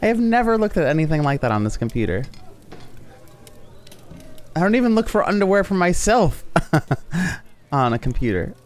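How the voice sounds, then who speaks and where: A man's voice: high voice, sing-song, normal speed, long pauses. A man chatting casually while streaming a game, rambling and laughing often. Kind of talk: casual gameplay commentary.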